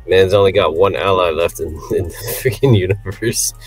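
A man co-hosting a podcast in casual chat, tossing in quick quips and puns. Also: low-pitched, breathy edge, faint music behind. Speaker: podcast co-host.

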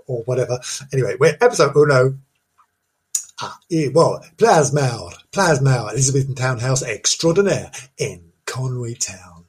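A man's voice: medium pitch, husky. A man hosting a comic ghost-story podcast, gasping, giggling and repeating his phrases for effect. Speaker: podcast host. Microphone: studio mic with headphones.

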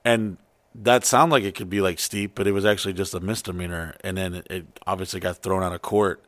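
A man's voice: low-pitched, fairly even intonation, a little fast, fairly bright tone, dry recording. A man hosting a podcast, trading crude jokes and stories. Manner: crude joking. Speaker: podcast host. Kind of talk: casual podcast banter.

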